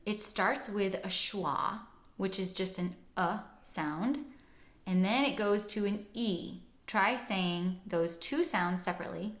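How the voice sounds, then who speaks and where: Slow, careful woman in an echoey room. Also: mid-range voice. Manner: clear, deliberate, exaggerated vowel demonstrations. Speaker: singing teacher and host. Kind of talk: instructional lesson with spoken demonstrations. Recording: roomy echo.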